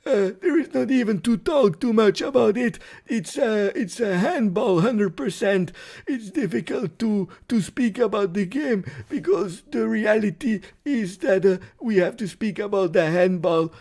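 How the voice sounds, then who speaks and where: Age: adult. Sex: man. Figure: gravelly whiny coach. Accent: Italian. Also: sits high, a little mellow, pitched above the performer's own voice, exaggerated voice. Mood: whiny lament. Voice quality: gravelly, croaky like a heavy smoker. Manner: whiny, hesitant, full of drawn-out "eh"s. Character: gravelly complaining male football coach impersonation.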